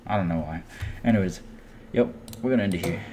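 A man's voice: sits low, fast, background noise. A man hosting a horror game let's-play, nervously joking and pleading with the game in casual commentary. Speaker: gaming channel host.

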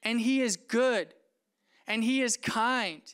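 A male pastor preaching a sermon in an animated, playful way, acting out scenes and joking with the congregation. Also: extremely high pitch, slow, clear, resonant tone.

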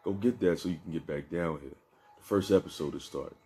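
Dude doing a chill generous guy, loose street talk, real low dark voice. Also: a little fast, faint music behind, lightly acted. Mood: easygoing. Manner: easygoing street slang. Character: laid-back man in a wheelchair, generous and boastful.

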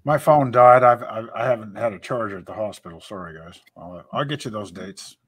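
A man chatting casually as a guest, who stammers and lets his sentences fade out quietly. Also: fairly low pitch, brisk, husky. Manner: stammering, trails off quietly at phrase ends. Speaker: guest on a livestream. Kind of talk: casual chat. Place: at home.

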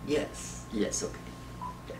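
A young man rambling in a casual vlog, giggling a lot. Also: slow. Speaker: vlogger. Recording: roomy, from far off, faint noise.

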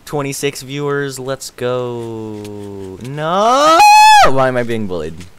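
A man streaming a game live, rambling excitedly, answering chat and thanking viewers as he plays. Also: medium pitch, slow, background noise. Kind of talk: live gaming stream chatter.

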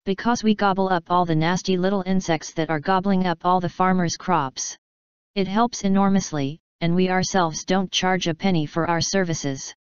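Storybook ladybird, modest and genteel, voiced by a woman narrator; low, clean voice. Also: steady tone, moderate pace, clear, resonant tone, dry recording, lightly acted. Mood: prim. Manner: polite, prim and refined. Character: genteel, modest female ladybird, proud of her nine spots. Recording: slightly dull, dry recording.

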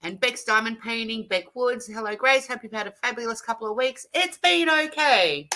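Bright-voiced, bubbly Australian woman. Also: fairly high pitch, expressive, normal speed, a little hiss or hum. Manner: chatty, bubbly, laughs often, greets warmly. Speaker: livestream host. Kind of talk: casual live chat greeting viewers. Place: home craft room.

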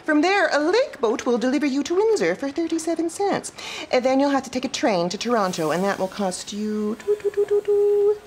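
A woman playing a brisk, chirpy female ticket agent reciting fares and upselling insurance. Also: high-pitched, lively intonation, slight background noise.

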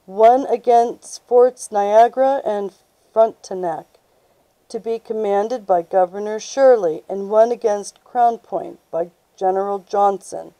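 Slow, mellow-voiced woman reading aloud. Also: mid-range voice, dry recording, rough recording. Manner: unhurried, plain reading voice. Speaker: reader of books aloud. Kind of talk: reading aloud from a history book.

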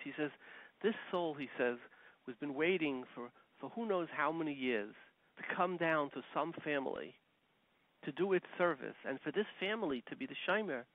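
A man's voice: a little high, dry recording. A man, a rabbi giving a Torah lecture, telling stories animatedly and weaving in Hebrew and Yiddish terms. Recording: tinny phone-line sound, dry.

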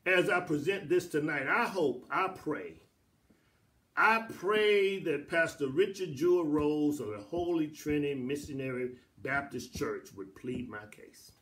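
Middle-aged preacher guy teaching bible study, kinda high voice, repeats himself and builds up to big emphatic lines. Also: lively intonation, a little slow, fairly bright tone. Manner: preacherly, repetitive cadence, rising to emphatic peaks. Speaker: pastor. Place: church sanctuary.

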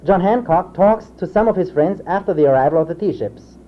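On a tinny, faintly hissing 1960s reel-to-reel recording, a male professor delivers a convocation lecture in a high-pitched, expressive voice at a fairly quick pace. He hesitates often with fillers and restarts, and raises his voice to read example drill sentences.

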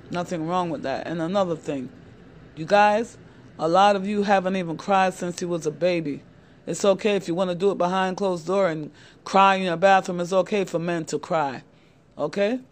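In a motivational talk to camera, a middle-aged woman who runs a channel gives young men earnest, repetitive advice, often calling them "guys." Her pitch is fairly low.

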